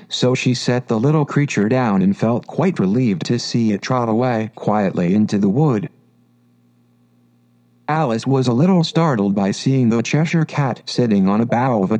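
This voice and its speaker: A man reading a children's classic aloud as narrator, measured and gentle. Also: medium pitch, highs cut off. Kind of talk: storybook reading.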